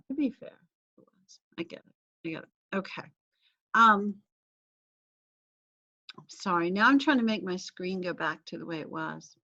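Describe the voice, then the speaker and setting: A woman teaches a college class over a video call, talking casually and laughing at her own asides. Her pitch sits in the middle, and the call audio is a little dull and muffled. A sneeze or cough breaks in now and then. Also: vocal fry, bright, forceful tone. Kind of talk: casual online class lecture.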